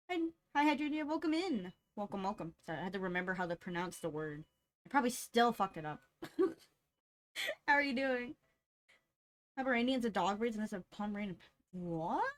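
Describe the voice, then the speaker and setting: A woman's voice: mid-range voice, lively intonation, moderate pace, pauses often. A woman streamer chatting casually with her live chat, greeting viewers by name and laughing often.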